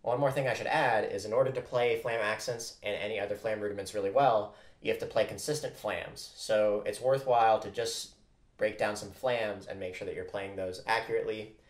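Patient lower-voiced man teaching drums. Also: fairly even intonation, brisk. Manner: patient, encouraging, counts off and calls stickings aloud. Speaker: percussion instructor. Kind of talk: instructional drum lesson. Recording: echoey room with loud drumming.

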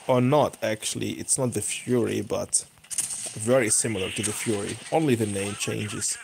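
Excitable gamer man. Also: fairly low pitch, moderate pace, vocal fry, a little hiss or hum. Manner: excitable, bursts of cheering and groaning. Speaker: gaming YouTuber. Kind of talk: live gameplay commentary.

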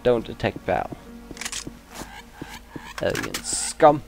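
A man whose first language is not English, hosting a gameplay video with excitable, swear-filled commentary. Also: lowish voice, very slow, vocal fry. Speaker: let's play host. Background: game music and gunfire.

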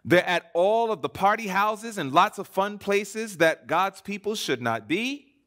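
A man preaching a sermon in church, swinging between emphatic declarations and hushed, earnest appeals. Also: high voice, expressive, unhurried.

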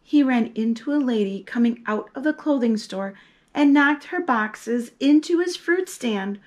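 A woman storyteller reading a picture book aloud to young children, bright with expression and acting out the characters as she goes. Her voice sits a little high. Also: measured pace. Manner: lively and expressive, teaching a hand sign and acting out the story's characters.

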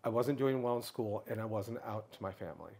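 A middle-aged man telling a long personal story in a casual interview, animated, and briefly raising his voice to act out what others said. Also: a little fast, gravelly. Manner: animated storyteller, acts out others' lines in a raised pitch. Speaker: guest speaker.

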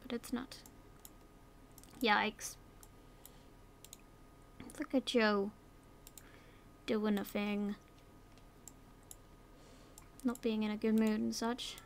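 A woman with a sore throat chats her way through a life-sim game and bosses her characters around. Her voice sits fairly high. A faint hum and soft keyboard clicks run underneath. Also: steady tone, slow, creaky, long pauses. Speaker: gaming video host. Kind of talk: casual gameplay commentary.

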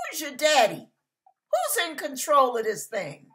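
A woman's voice: high-pitched, wildly swooping pitch, measured pace, sharp tone. A woman giving an emotional devotional sermon, fervent and emphatic, at times tearful. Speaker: devotional speaker.

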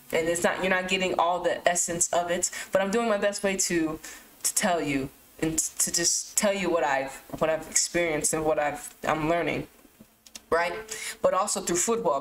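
A young adult woman vlogger talking casually to camera, rambling and swearing, with sudden animated outbursts. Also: on the low side, slight background noise, low-quality recording. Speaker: YouTube vlogger.

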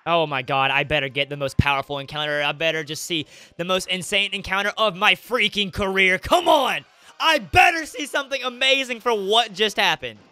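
A young man commentating his own game playthrough, excitable and emotional, swinging into loud frustrated outbursts. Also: high-pitched, fairly quick, clear, resonant tone, no room sound, faint music behind. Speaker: gaming YouTuber. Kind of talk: Let's Play commentary. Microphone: webcam setup with headset or desk mic.

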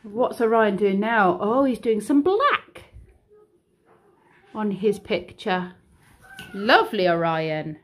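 A woman's voice: mid-range voice, sing-song, slow pace, pauses often. A middle-aged British woman talking in a coaxing, sing-song way to toddlers at home during a casual vlog, chatting about her day in between. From United Kingdom. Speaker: vlogger and childminder. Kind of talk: casual vlog chat with small children. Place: home kitchen and playroom.

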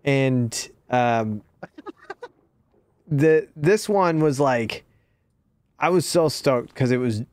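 Relaxed, chatty man on a dry mic. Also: mid-range voice, drawn-out words, long pauses, no room sound. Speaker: guest streamer. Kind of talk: casual gaming chat and storytelling.

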